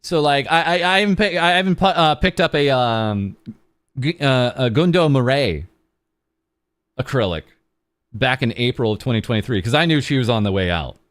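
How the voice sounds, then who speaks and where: A man's voice: medium pitch, animated, moderate pace, a bit bright, dry recording. A young man streaming as a VTuber, chatting casually and rambling with a self-mocking, filler-heavy way of talking. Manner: rambling, self-mocking, with lots of ums and uhs. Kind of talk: casual charity livestream chat.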